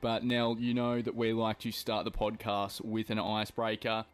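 Aussie bloke hosting a music pod, chill slangy chat, some music faint under it. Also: male voice, fairly low pitch, completely flat delivery, moderate pace, smooth. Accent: Australian. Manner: upbeat, laid-back slang. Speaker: podcast host. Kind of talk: casual chat.

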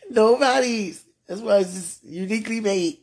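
A woman's voice: low-pitched, normal speed, creaky, a little mellow, husky. A woman hosting a podcast, talking casually and directly to her partner, laughing often. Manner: chatty, laughs often, talks straight to the listener. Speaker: podcast host. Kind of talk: casual monologue addressed to a partner.

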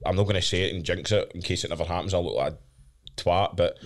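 A man's voice: sits low, steady tone, fast talker. A Scottish man co-hosting a podcast, sweary and joking in casual banter, hungover. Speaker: podcast co-host. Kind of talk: casual chat.

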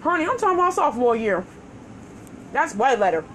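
A woman's voice: on the high side, very animated, fairly quick, a bit bright, a little hiss or hum, poor audio. A woman co-hosting a show, telling a story in casual chat with profanity and laughter. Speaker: podcast co-host.

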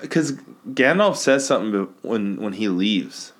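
A man's voice: fairly low pitch, big pitch swings, moderate pace, fairly bright tone. A man co-hosting a casual podcast, mostly giving short agreeing replies and asking hesitant questions. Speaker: podcast co-host. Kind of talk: casual movie recap chat.

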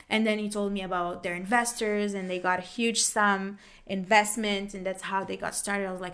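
A woman's voice: medium pitch, steady tone, moderate pace, few pauses, fairly bright tone. A woman whose first language is French, telling her personal story candidly and acting out her past thoughts. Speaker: podcast host.

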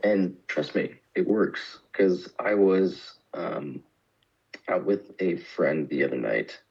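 Husky guy on a biz podcast, low voice, lots of ups and downs, kinda muffled. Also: slow. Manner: animated storytelling, acts out quotes. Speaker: podcast co-host. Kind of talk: casual business chat.

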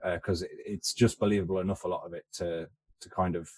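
A man co-hosting a casual film podcast, halting and repeating words as he searches for them. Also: low voice, steady tone. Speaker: podcast co-host.

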